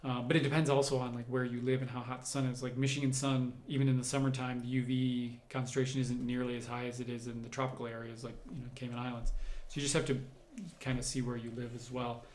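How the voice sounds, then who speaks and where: A man's voice: mid-range voice, flat delivery, fast, few pauses, darkish tone, reverberant, a little hiss or hum. A man, a doctor, hosting a livestream Q&A, reading out viewer comments and answering them in a conversational, explanatory way. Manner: conversational, explanatory, thinks aloud while answering.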